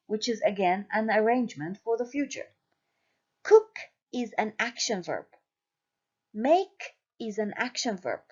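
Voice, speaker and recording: A woman from Syria teaches an English grammar lesson at a slow, careful pace, spelling words out letter by letter. Her pitch moves a lot as she explains. The recording sounds dull and lo-fi. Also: darkish tone.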